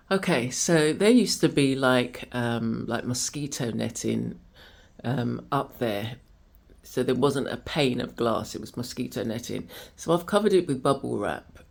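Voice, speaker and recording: A woman's voice: very deep voice, gravelly. Chatty woman rambling on a walk. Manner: rambling, chatty, with many fillers and trailing thoughts. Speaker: host of an arts and wellness channel. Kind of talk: casual vlog chat. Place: home studio, then out into the garden.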